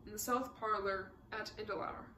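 A woman's voice: medium pitch, steady tone, moderate pace, pushed and bright, echoey room, slight background noise, lightly acted. A woman voicing a witty, unflappable aristocratic count who answers with dry, polite humor. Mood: droll.

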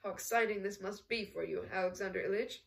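A woman's voice: medium pitch, fairly quick, creaky, far from the mic, lightly acted. A woman reading the lines of a spiteful, scheming male manager with a sly, mock-friendly manner. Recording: voice set back from the mic.

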